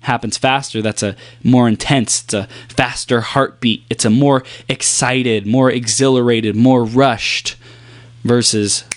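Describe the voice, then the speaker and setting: In a steady, medium-pitched voice, a man gives a motivational talk on silence and pacing. He demonstrates his point with deliberate pauses and by varying his speed and softness.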